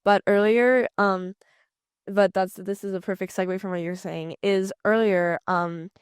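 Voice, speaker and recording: Female podcast co-host, chatty and informal, smooth clear voice, dry mic. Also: medium pitch, fairly even intonation, unhurried, no room sound. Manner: chatty, lots of "like" fillers. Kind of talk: casual conversational podcast chat.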